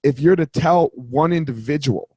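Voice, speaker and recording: A man's voice: on the high side, moderate pace, dark tone, slightly rough, dry recording. A man hosting a podcast, talking loosely and rambling, swearing casually. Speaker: podcast host. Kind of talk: casual interview chat.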